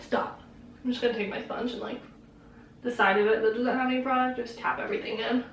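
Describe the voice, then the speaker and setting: A woman's voice: on the high side, steady tone, fast talker, slight background noise. A young woman chatting casually through a makeup tutorial, rambling and laughing often. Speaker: beauty vlogger. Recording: roomy echo, mic at a distance.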